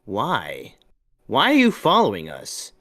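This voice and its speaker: A man reading aloud in the voice of a stern, gruff male warrior who keeps pressing with questions. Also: on the low side, huge pitch swings, slow, a bit bright, exaggerated voice.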